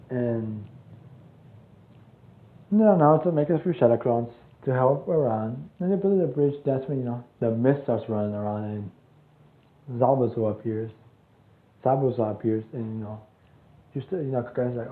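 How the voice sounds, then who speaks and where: A man's voice: medium pitch, normal speed, pauses often. Brief: casual rambling male storyteller, tinny phone-like audio in an echoey room. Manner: rambling, full of fillers and restarts. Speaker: channel host.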